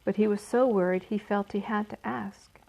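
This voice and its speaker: A woman storyteller reading a children's book aloud in a steady, unhurried manner. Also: medium pitch, creaky, poor audio.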